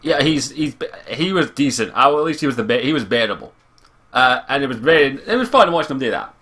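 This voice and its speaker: A man's voice: medium pitch, sing-song, quick pace, pushed and bright. A Scottish man ranting casually through an anime review, swearing often and sounding exasperated. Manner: profane, exasperated, rambling.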